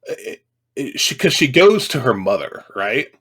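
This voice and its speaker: A man's voice: mid-range voice, sing-song, a little slow, a bit bright, breathy edge. A man co-hosting a podcast, chiming in casually and adding details. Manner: laid-back, chiming in. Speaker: podcast co-host. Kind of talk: casual chat.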